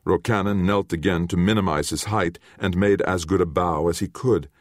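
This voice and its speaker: A man reading a novel aloud as its narrator, in a measured, storytelling way. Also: low-pitched, no echo, studio quality. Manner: measured storytelling with expressive, varied intonation. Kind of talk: audiobook narration.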